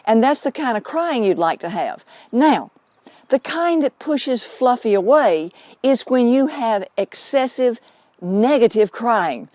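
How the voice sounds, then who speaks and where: A woman's voice: on the high side, expressive, a little slow, a little mellow, no echo. A woman hosting her own show, talking unscripted to camera in an earnest, explaining way and drawing out words for emphasis. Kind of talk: unscripted direct-to-camera talk.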